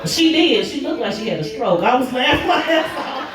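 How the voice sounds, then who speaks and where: A stand-up comedian from Oklahoma, telling animated stories about her kids. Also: normal speed, a crowd in the background, background noise. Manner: animated, jumps high in pitch for punchlines. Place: comedy club stage. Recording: echoey club from a distance.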